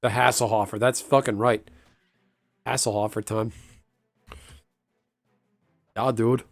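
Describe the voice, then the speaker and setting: A man's voice: lowish voice, steady tone, takes it slowly, creaky, dry recording, faint music behind. A man streaming a game and chatting casually, rambling, swearing freely and laughing often. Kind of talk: casual chat while gaming.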